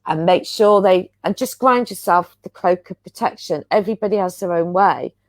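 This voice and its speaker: A woman's voice: on the low side, moderate pace, dry recording. Chatty woman, dry close sound. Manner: chatty, earnest, rambling. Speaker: guest healer. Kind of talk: casual spiritual chat.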